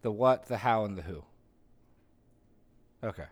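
A man's voice: fairly low pitch, expressive, unhurried. A middle-aged man leading a Bible study as its pastor, conversational and full of restarts and asides while teaching a group.

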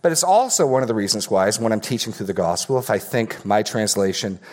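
A man's voice: lowish voice, lively intonation, fast talker, darkish tone. A man preaching an expository sermon as pastor, earnest and emphatic, often repeating key phrases for stress.

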